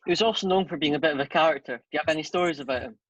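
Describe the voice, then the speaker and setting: A man hosting an interview, putting brisk, short questions to his guest. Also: on the high side, fairly bright tone, no echo. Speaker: interview host. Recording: dull dry lo-fi sound.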